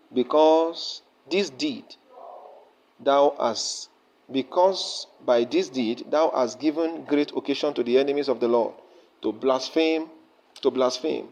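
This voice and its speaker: A man's voice: mid-range voice, darkish tone, a little hiss or hum, low-quality recording. A male pastor preaching, reading verses aloud and then retelling them in plain words while checking in with his listeners. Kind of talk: sermon, reading and explaining scripture.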